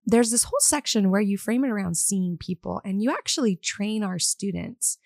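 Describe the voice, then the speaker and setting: A woman's voice: medium pitch, expressive, moderate pace, darkish tone, no room sound, clean studio sound. A woman hosting a college podcast, chatting casually with her guest and laughing often. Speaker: podcast host. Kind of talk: casual interview chat.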